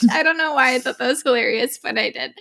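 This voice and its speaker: A woman's voice: high-pitched, fast, vocal fry. Giggly woman co-hosting a chatty podcast. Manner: giggly, animated, reads listener reviews aloud. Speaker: podcast co-host. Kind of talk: casual podcast chat.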